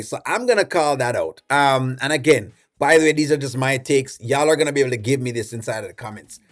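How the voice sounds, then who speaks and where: A man with a Jamaican accent hosting a reaction video, giving rambling, opinionated commentary full of fillers. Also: mid-range voice. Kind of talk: casual commentary.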